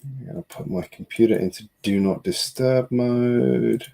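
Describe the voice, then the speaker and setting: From a home build room at his computer, a man hosts a casual live stream, rambling along with self-deprecating asides picked up by the computer mic. His medium-pitched voice is mellow and unhurried, with vocal fry.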